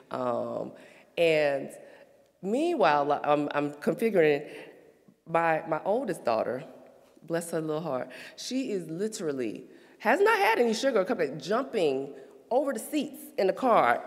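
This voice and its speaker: A woman in her thirties sharing a church testimony, telling her story with lots of laughter and dropping to soft, confessional tones. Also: lowish voice, expressive, moderate pace. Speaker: speaker giving a testimony. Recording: long reverb of a hall.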